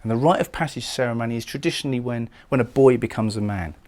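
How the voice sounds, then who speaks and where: A man's voice: mid-range voice, fast, darkish tone. A man giving a recorded poetry lecture, explaining lines of a poem and often repeating words as he goes. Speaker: literature lecturer.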